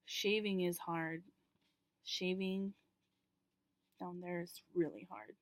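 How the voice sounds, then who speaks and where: A woman's voice: on the low side, fairly even intonation, takes it slowly, no echo. A woman vlogger talking candidly to camera in a casual, rambling way, with many ums and casual swearing.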